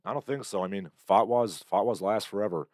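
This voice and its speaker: A man with a very low voice rambles through his own livestream, blunt and full of fillers, reacting to chat comments as they come in. He sounds like he is in his thirties. The sound is close and dry, with no room around it. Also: fairly quick, a little mellow, no room sound. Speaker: livestream host.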